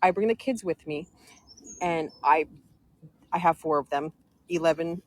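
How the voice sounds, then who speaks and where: A woman's voice: sits low, unhurried, no echo. A woman telling her personal story to an audience in a rambling, aggrieved way, quoting others as she goes. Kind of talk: casual storytelling to a live audience.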